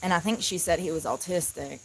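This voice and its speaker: A woman vlogging casually outdoors in the mountains, chatty and animated as she talks to viewers. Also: fairly low pitch, fairly quick, low-quality recording. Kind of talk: casual outdoor vlog chat. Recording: outdoor noise, crickets audible.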